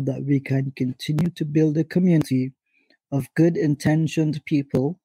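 Mellow, husky man giving closing remarks. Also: fairly high pitch, no echo, low-quality recording. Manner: joking, dry asides. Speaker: stream co-host. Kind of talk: closing remarks on a live stream.

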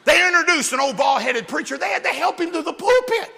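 High bright-voiced guy preaching his testimony at a youth rally, jumps between soft bits and shouting, big hall echo. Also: fast talker, gravelly. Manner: animated storyteller, swings from hushed to shouting. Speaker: guest speaker giving his testimony. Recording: long hall reverb from a church venue.

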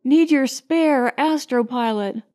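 A woman's voice: high-pitched, takes it slowly, darkish tone. A woman narrator voicing a desperate, exhausted stranded woman who pleads weakly and gasps. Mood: pleading. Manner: weak, gasping pleading.

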